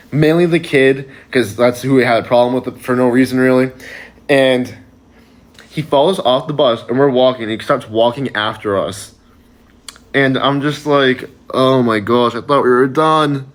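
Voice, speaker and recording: A young man tells a story in a loose, casual way, stumbling over restarts and leaning on "like" in almost every phrase. His voice sits at an ordinary middle pitch for a man. He talks straight to his viewers. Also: steady tone, normal speed. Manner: rambling, heavy use of "like" fillers. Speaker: storyteller on social video. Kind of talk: casual anecdote.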